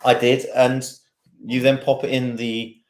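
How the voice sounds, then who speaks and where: A man's voice: mid-range voice, level tone, measured pace. A man with an English accent hosting a casual live Q&A, chatty and playful. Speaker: livestream host.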